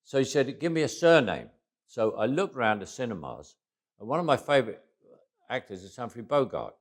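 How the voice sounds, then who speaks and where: A man, telling stories in an interview, repeating words as he restarts and trailing off quietly at the ends of phrases. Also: mid-range voice, big pitch swings, brisk. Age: 80s. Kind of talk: anecdotal storytelling.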